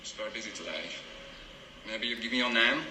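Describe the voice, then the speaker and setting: A man's voice: on the low side, fast talker, bright, forceful tone, slight background noise. An actor playing a flamboyant male art gallery clerk, talking in a made-up foreign accent with formal, mangled English. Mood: prim, fussy. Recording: roomy film soundtrack with ambience.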